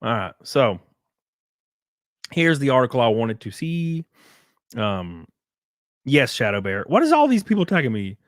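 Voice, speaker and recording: Animated, joking male livestreamer. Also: mid-range voice, a little slow, long pauses, dry recording, clean studio sound. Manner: joking, rambling, swears casually. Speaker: livestream host and race car driver. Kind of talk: casual livestream chat reading viewer comments.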